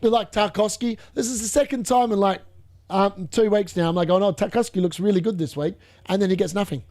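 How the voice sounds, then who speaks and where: A young man commentating live on football matches for a fantasy football stream, chatting along and bursting into shouts at near misses. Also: sits high, steady tone, brisk. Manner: chatty, muttering asides between reactions.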